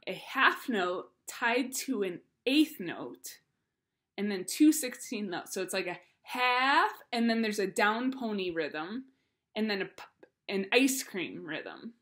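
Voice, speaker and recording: A woman's voice: mid-range voice, fairly bright tone. A woman teaching a recorded violin lesson to her students, giving homework and instructions in a playful, encouraging way.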